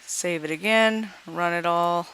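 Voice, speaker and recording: A woman's voice: on the low side, measured pace, a bit bright, clean tone. A woman walking through a coding example in a screencast tutorial, thinking aloud as she debugs and reads out dialog lines. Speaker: programming teacher.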